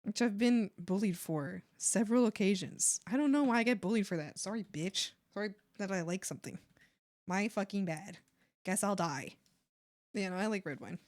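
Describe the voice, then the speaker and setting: A woman's voice: medium pitch, moderate pace, a little mellow. A woman streamer chatting casually with her viewers, laughing often and swearing offhandedly.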